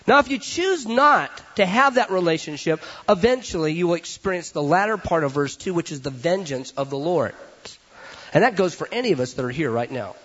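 A male pastor preaching a sermon in a lively, animated way, acting out little voices for laughs. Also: on the high side, brisk, dull audio.

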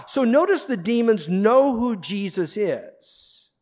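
Male pastor, fairly high-pitched, emphatic conversational preaching with loud bursts and hushed asides. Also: very animated, a little slow. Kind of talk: sermon.

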